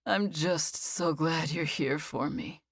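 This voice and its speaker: A woman's voice: low voice, takes it slowly, no echo, studio quality, full character voice. A woman narrator voicing a jealous, clingy young man who speaks in an insistent, warning tone. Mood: weary. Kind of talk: audiobook character voice.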